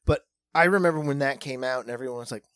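A man's voice: medium pitch, fast, a bit bright, dry recording, clean studio sound. Chatty man from South Dakota. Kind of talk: casual chat.

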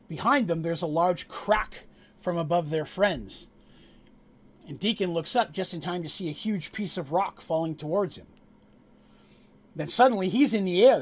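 Husky game master narrating adventure. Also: male voice, on the high side. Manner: animated storytelling with asides to players.

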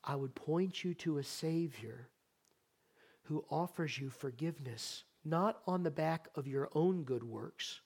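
A man's voice: fairly high pitch, gravelly, husky. Impassioned preaching man. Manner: impassioned preaching, swings between loud exhortation and soft earnest appeals; questions the congregation directly. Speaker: pastor. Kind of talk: sermon. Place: church sanctuary.

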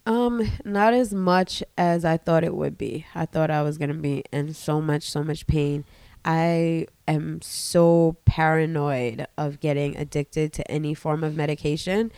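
A woman co-hosting a casual podcast, a little raspy and congested from a cold, telling her story candidly with plenty of fillers, recorded on a couch at home. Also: low-pitched, steady tone, measured pace, darkish tone, no room sound. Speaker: podcast co-host. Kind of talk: casual chat. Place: living room couch in a home.

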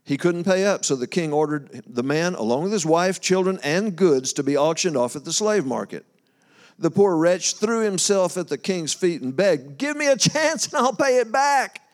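A man preaches a folksy, casual sermon, reading scripture aloud and discussing it with his congregation, at one point losing his place and laughing. His voice is a little high and a little mellow, animated, at a moderate pace.

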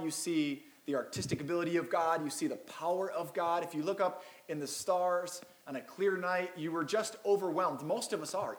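A man's voice: a little high, reverberant. A man preaching a Christmas sermon as pastor, reading scripture and breaking in with casual, self-deprecating asides.

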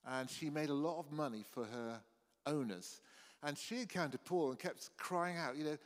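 A man's voice: fairly high pitch, moderate pace. Guy giving a sermon in a big echoey church hall, chatty and earnest, keeps restarting. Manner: conversational, earnest, with frequent restarts and "you know". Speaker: pastor.

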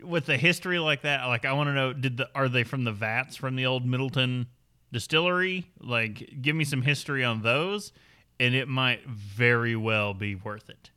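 Male co-host, loose rambling banter, bright voice. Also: mid-range voice, normal speed, clear, resonant tone. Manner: rambling, joking, lots of fillers. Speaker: podcast co-host. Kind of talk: casual chat.

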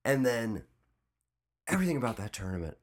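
A man co-hosting a podcast in a studio, chatting casually and excitedly, swearing and saying dude a lot. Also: mid-range voice, brisk. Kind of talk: casual chat.

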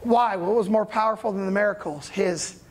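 A man preaching a sermon in a casual, conversational storytelling manner, with sudden loud bursts of emphasis. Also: high voice, moderate pace. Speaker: pastor.

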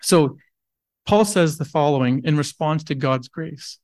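A man's voice: a little high, unhurried, darkish tone, no echo. A man preaching a sermon in an earnest, emphatic way, asking rhetorical questions and then answering them. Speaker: pastor.

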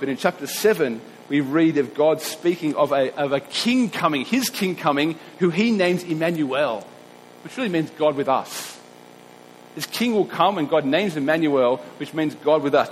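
A man preaching a sermon, earnest and emphatic, slowing down to stress the scripture he reads. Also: a little high, in a large hall, slight background noise, poor audio.

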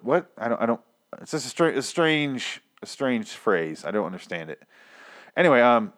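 A young man recapping a TV episode casually, rambling, swearing and breaking off mid-sentence. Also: on the low side. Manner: rambling, profane, self-interrupting. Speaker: TV reviewer.

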